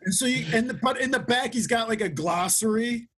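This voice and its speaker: A man's voice: extremely high pitch, fairly quick, background noise. A man chatting casually on a podcast, rambling with restarts and fillers as he describes a book. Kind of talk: casual chat.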